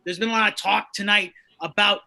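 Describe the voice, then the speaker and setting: A man co-hosting a comedy show, riffing loudly with rambling, profane jokes. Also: high voice, fairly even intonation, fairly quick, gravelly. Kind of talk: stand-up banter.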